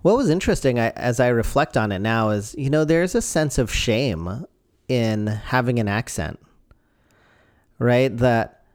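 A man talking casually on a podcast, his voice smooth and resonant. The sound is dry and close. He gets animated and laughs often as he makes his points. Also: medium pitch, unhurried, no room sound. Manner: animated, laughs often, jumps into a put-on Australian voice. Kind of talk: casual chat.

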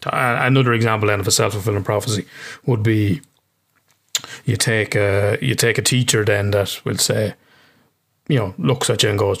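A man's voice: fairly low pitch, fairly even intonation, moderate pace, vocal fry, fairly bright tone. A man with an Irish accent, a therapist, explaining ideas casually in an interview, swearing freely and often restarting his sentences.

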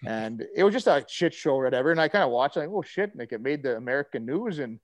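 A man's voice: mid-range voice, quick pace, no echo. A middle-aged man, a former hockey player telling a long story in a casual chat, full of fillers and restarts. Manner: rambling, animated storyteller with many fillers and restarts.

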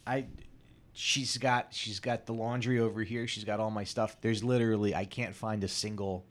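A man in his thirties hosting a solo podcast, rambling crudely and self-deprecatingly with many halting restarts. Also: lowish voice, fairly even intonation. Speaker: podcast host.

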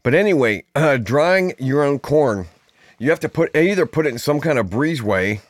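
A man hosting a podcast in a loose, rambling monologue, his voice sitting at an ordinary middle pitch. He drifts through asides in an easy, conversational way. The sound is dry and close to the mic, with no room echo. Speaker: podcast host. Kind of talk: casual monologue.

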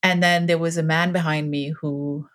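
A woman's voice: deep voice, steady tone, normal speed, fairly bright tone. A woman in her forties, a podcast guest, telling a personal story in an earnest, increasingly emphatic way. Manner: earnest, grows more emphatic and impassioned.

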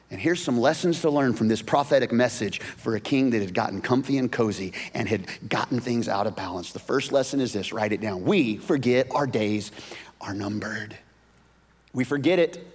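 A male pastor preaching a sermon, moving between hushed whispers and loud, emphatic bursts, often repeating words. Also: mid-range voice, moderate pace. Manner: repeats words and restarts phrases. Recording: long reverb of a large hall.

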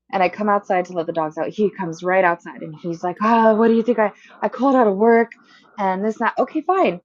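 A young woman in mid-range pitch tells a long story in an exasperated way. She jumps high in pitch whenever she acts out what she said. The sound is dull and dry, as if recorded close in a small room. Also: dry recording. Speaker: co-host. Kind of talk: casual chat.

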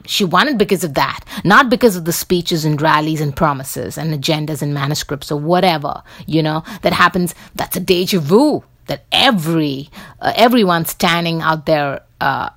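Rambling woman host, low and dry. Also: a bit bright, no echo. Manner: rambling, many fillers and restarts. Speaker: podcast host. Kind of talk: casual commentary.

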